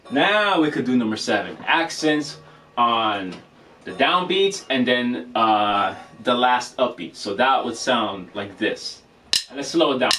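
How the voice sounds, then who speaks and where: A man teaching drum rudiments in a casual, loose way, stopping to correct himself and apologize. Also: fairly low pitch. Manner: casual, with many fillers and self-corrections, apologetic. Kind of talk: casual instructional demonstration. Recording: voice from a distance with faint noise.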